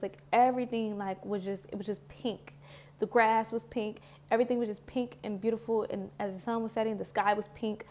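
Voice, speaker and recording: A woman's voice: mid-range voice, a little hiss or hum. A woman talking to camera about spiritual healing in a casual, heartfelt way, loose and full of "like"s, close to tears. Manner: earnest and heartfelt, loose with many "like"s. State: emotional, near tears. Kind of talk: casual reflective talk to camera.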